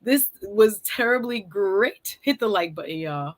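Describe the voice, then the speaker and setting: A woman hosts a live stream and tells a story with lots of energy. She laughs often and acts out what she said, in a middle pitch that is neither high nor low. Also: unhurried. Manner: animated, laughs often, acts out her own quotes. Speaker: host.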